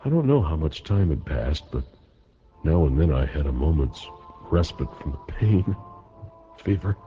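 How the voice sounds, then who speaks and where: A man's voice: very deep voice, big pitch swings, a little slow, dark tone, faint music behind. A man giving a dramatic reading of a wartime letter, with wide swings in his voice. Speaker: reader of a letter. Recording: dull lo-fi recording.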